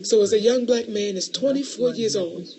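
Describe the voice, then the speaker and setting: A middle-aged woman co-hosting a podcast in casual chat, loud and emotional, swearing freely and calling callers baby. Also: a little high, normal speed, slight background noise. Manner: loud, profane and emotional, calls listeners baby. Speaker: podcast co-host.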